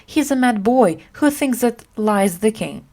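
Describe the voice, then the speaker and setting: A woman voicing a calm, clever grown knight in a storybook, reassuring and slow. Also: on the high side.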